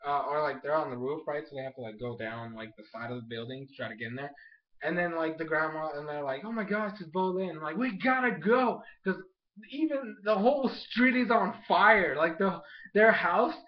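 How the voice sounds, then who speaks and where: An excitable man with a high voice rambles through a casual episode recap, tossing in filler words constantly. The sound is dull and lo-fi, like a cheap home recording. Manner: excitable, rambling, heavy use of "like" and "oh my gosh". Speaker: anime show reviewer.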